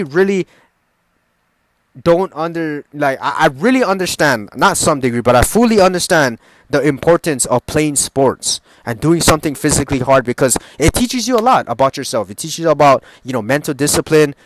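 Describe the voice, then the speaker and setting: A young man giving casual, profane motivational advice, rambling with lots of fillers and swinging between loud emphasis and quiet asides. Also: fairly high pitch, lively intonation, moderate pace, slight background noise. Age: young adult. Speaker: motivational vlogger.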